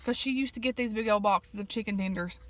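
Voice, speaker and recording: A woman, chatting casually and telling family stories in an eat-with-me vlog, folksy, with fillers and throat clearing. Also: medium pitch, fast. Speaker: vlogger.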